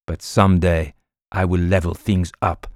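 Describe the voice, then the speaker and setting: A man's voice: sits low, flat delivery, unhurried, no echo, studio quality. A man voicing a scheming male thief who snarls and protests violently, in an audiobook reading. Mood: bitter. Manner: snarling, violent, through clenched teeth.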